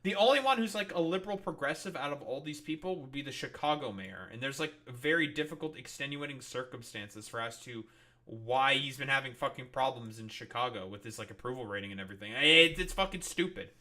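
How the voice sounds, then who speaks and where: A man's voice: medium pitch, expressive, a little fast, pushed and bright. A young man doing live-stream commentary, ranting in an exasperated, profane way with mocking, sarcastic asides.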